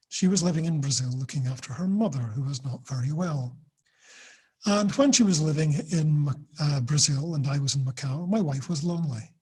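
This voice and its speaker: A man's voice: fairly high pitch, slightly rough. A middle-aged man teaching an online class, explaining and telling a personal story with examples. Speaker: teacher trainer.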